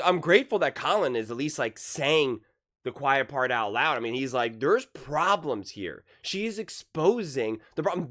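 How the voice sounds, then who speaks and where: Heated male sports commentator, higher-pitched, ranting, repeats points. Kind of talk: reaction commentary.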